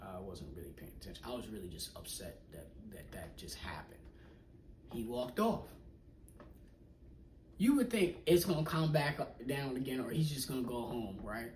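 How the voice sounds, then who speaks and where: A young man casually telling a personal story in slangy talk, acting out what people said and often dropping to a hush. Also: mid-range voice, moderate pace. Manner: animated, slangy, acts out quoted people, often drops to a hush. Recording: echoey room, mic at a distance, faint noise.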